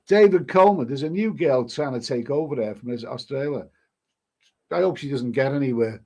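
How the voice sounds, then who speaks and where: A man's voice: medium pitch, normal speed, dark tone. A man hosting a casual live stream, reading viewer comments aloud and answering them with rambling, chuckling asides and many restarts.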